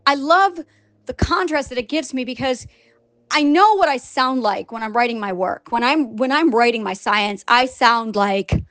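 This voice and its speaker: A woman with a high-pitched voice rambles through an unscripted vlog monologue, animated and a bit profane. She jumps into little acted-out voices as she tells her stories. The sound is close and dry, with no room around it. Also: moderate pace, no room sound. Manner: acts out quoted voices. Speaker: scientist and online writer.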